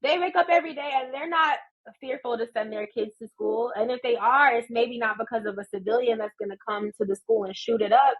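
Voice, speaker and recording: Brief: American woman, 30s, podcast guest, animated storyteller, somewhat high and husky voice, slightly muffled audio. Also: brisk. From United States. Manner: animated, laughs often while telling stories. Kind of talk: casual storytelling chat.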